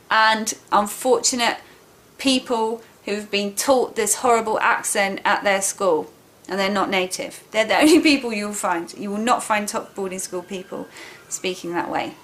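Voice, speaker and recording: A woman with a Southern English accent talks straight to her viewers in a relaxed video lesson. Her voice sits at a middling pitch, and she drives her points home firmly, repeating herself and pausing to check in with a quick "okay?". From England.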